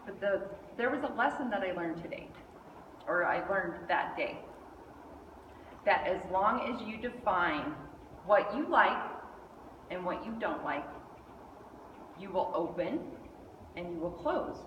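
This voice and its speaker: A middle-aged woman giving a lively storytelling speech, acting out the voices of the people in her story. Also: on the low side, a little slow, pauses often, distant mic, dull audio, slight background noise. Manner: animated, acts out quoted voices. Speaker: speaker at a speech club. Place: meeting hall indoors. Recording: echoey hall, mic from afar.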